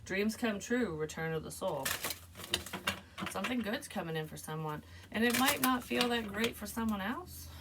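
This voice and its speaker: A woman giving a casual, rambling tarot reading to her viewers, chatty and quick to laugh. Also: medium pitch, expressive, heavy background noise. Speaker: tarot reader.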